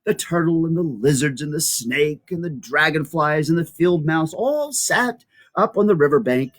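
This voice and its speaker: A middle-aged man reading a children's picture book aloud, pausing to ask listeners to look at the pictures. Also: fairly high pitch, animated, fairly bright tone. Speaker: storybook reader.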